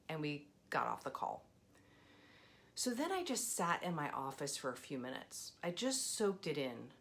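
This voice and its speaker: A woman leadership coach hosting a scripted video lesson, telling a personal story in an expressive, clear and measured way. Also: on the low side.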